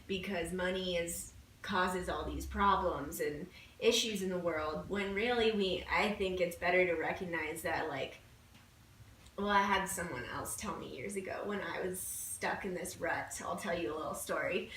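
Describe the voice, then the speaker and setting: A woman's voice: on the low side, normal speed, a bit bright. A chatty woman tells a story on a podcast, full of "like" fillers. She sits some way back from the mic, and her voice echoes around the room. A faint hiss runs underneath. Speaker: podcast guest. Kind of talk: casual conversation. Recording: roomy echo, distant mic, faint background noise.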